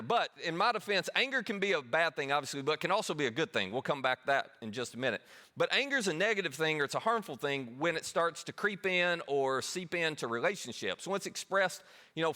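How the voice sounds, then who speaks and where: A man's voice: medium pitch, sharp tone. A man preaching a sermon as pastor, talking conversationally and poking fun at himself. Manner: conversational, self-deprecating.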